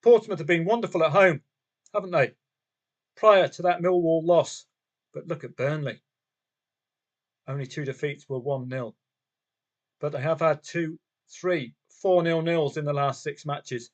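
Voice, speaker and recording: A man's voice: a little high, a little slow, pauses often. Chatty man on a betting livestream. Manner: chatty, talks to himself and viewers, rhetorical questions. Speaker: football trading livestream host. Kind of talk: casual live commentary on matches and bets.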